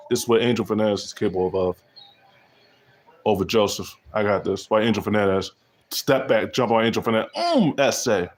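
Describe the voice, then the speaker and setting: A man with a somewhat low voice calls his own basketball video game in hyped play-by-play. He trash-talks his opponent as he goes, and a faint background hiss sits under the voice. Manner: hyped trash-talking commentary. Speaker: gamer streamer.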